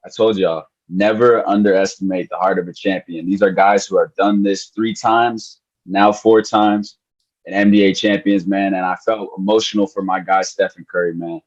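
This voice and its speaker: A man co-hosting a sports podcast, emotional and excited, repeating himself and calling people bro and man. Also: low voice, moderate pace, dull audio. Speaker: podcast co-host. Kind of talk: excited casual sports chat.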